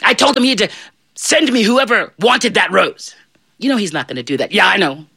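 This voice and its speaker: Woman storyteller, bright tone, dry close sound, animated fairy-godmother narration. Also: mid-range voice, fairly quick, vocal fry, breathy edge, no room sound. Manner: animated, swooping voice and playful asides.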